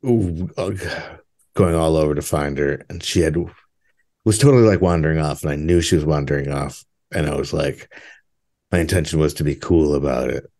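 Very deep-voiced man joking around. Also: darkish tone. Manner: rambling, jokey, laughs often. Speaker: podcast co-host. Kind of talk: casual chat.

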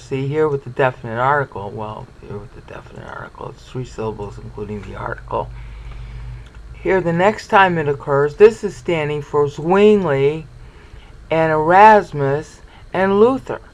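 A man with a voice a little higher than most lectures on scripture in a meandering, explanatory way. He keeps stopping to check that the listener is following, then carries on walking through his points. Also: poor audio. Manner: discursive, checks in with "okay?". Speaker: Bible teacher. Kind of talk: explanatory Bible study lecture.

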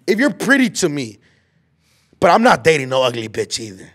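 Gravelly young man telling a rambling story. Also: medium pitch, very animated, fairly quick, fairly bright tone. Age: 20s. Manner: rambling storyteller, lots of filler and slang. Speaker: podcast host. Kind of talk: casual chat.

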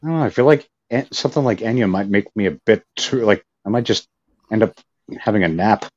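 A man co-hosting a podcast in casual chat, joking and relaxed. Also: lowish voice, a little fast, dull audio. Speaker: podcast co-host.

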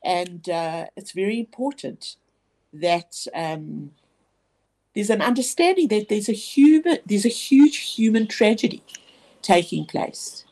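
A woman speaking in a studio radio interview, reflective and earnest as she recounts an experience. She restarts her phrases often, and her voice sits at a middling pitch. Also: expressive, a little slow, warm tone. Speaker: interview guest, educator. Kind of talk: personal storytelling in a radio interview.

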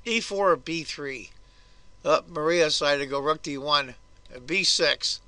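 Hoarse guy going over chess moves, bright edgy voice, dry sound, gripes a bit. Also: a little high, unhurried, no echo. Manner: blunt, grumbling asides. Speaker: chess video host. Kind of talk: casual chess game commentary.

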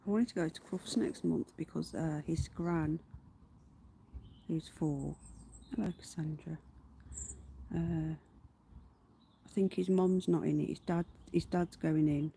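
A woman's voice: low-pitched, fairly even intonation, slow pace, gravelly, long pauses, warm tone, a little hiss or hum. A woman hosting a casual livestream from her garden, chatting to viewers, greeting them by name and swearing offhand. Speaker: livestream host. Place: outdoors in a garden.

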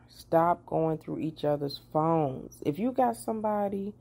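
A woman in her forties, a therapist and life coach, giving casual advice in a chatty, personal way with animated asides to the viewer. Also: deep voice, a little slow, gravelly. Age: 40s.

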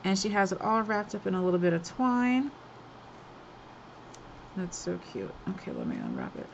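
A woman's voice: mid-range voice, huge pitch swings, moderate pace, vocal fry, a little hiss or hum. Female craft vlogger, chatty and effusive, mid-range voice, muffled lo-fi sound. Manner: chatty and gushing, laughs often. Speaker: craft swap host. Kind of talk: casual craft unboxing chat.

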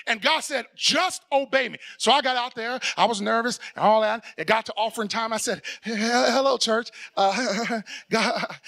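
A middle-aged man preaching a sermon as pastor, telling a story, acting out the people in it and shouting for emphasis. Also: very high-pitched, moderate pace, vocal fry, hardly any pauses.

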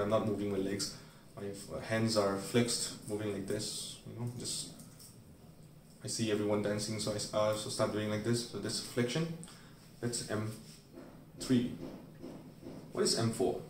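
Male medical tutor, lowish voice, playful storyteller, roomy room, mic set back. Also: a little mellow, a little hiss or hum. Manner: storytelling, playfully acting out everyday scenes. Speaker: medical educator. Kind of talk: explaining a memory aid with acted-out examples. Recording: roomy sound, recorded from a distance.

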